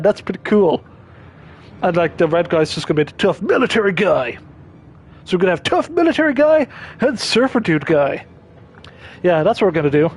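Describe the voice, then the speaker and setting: A man's voice: sits high, breathy edge. A man giving casual gameplay commentary, rambling and breaking off his own sentences with chuckling asides. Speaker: streamer.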